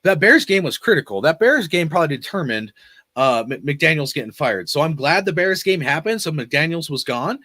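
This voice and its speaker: A man's voice: a little high, sing-song, moderate pace, pushed and bright, dry recording, clean studio sound. A man hosting a fan channel, ranting about football and reading out chat comments in a blunt, cussing, rambling way. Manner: profane, emphatic, rambling.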